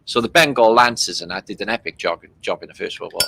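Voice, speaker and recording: Talking quickly with vocal fry, a low-voiced British man chats his way through old war footage, cursing freely and using lots of fillers. The recording is very noisy.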